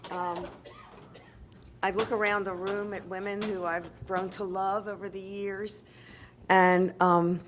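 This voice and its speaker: A woman's voice: mid-range voice, level tone, slow pace, pauses often, noisy background. An older woman giving an emotional, reminiscing award acceptance speech to an audience at a convention, with frequent ums and laughs. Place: convention hall before an audience.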